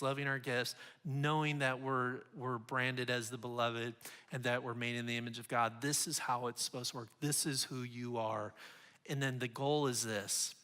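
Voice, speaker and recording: A man's voice: mid-range voice, pushed and bright. A man in his forties giving a sermon as a guest speaker, earnest and confessional, often restarting his sentences.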